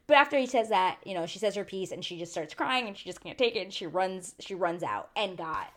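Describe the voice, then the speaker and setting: A woman giving a chatty, animated recap to her channel viewers, acting out quotes as she goes. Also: medium pitch, fairly quick, hardly any pauses. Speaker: YouTube reviewer. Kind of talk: casual recap monologue.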